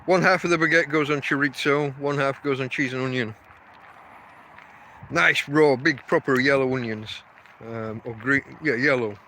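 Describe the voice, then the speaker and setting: An Englishman with a medium-pitched, sharp-toned voice talks at a moderate pace, with a slight hiss or hum in the background. He's a podcast host running a casual live stream while out walking his dog at night, rambling and talking to the dog between thoughts.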